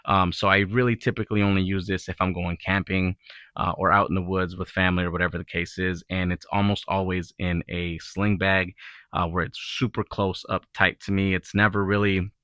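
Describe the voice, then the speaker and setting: Low, bright-voiced man reviewing gear. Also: a little fast, clear, resonant tone, no room sound. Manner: relaxed, rambling, filler-heavy. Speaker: gun channel host. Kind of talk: casual product review talk.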